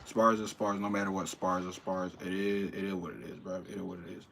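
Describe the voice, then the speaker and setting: A young man, a boxer casually answering viewer questions, swinging from loud incredulous ranting to low mumbled advice. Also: flat delivery, brisk, gravelly, slight background noise. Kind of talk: casual livestream chat.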